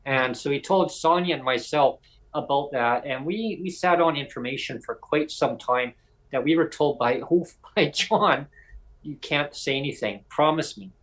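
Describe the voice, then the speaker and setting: A man's voice: a little high, normal speed, low-quality recording. A man hosting a podcast, telling rambling stories and acting out quoted conversations. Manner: rambling, acts out quoted dialogue. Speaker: podcast host and disability advocate. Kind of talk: casual storytelling chat.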